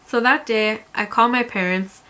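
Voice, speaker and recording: A young woman telling a storytime vlog in an exasperated, animated way. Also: a little high, moderate pace, clear, resonant tone. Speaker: vlogger.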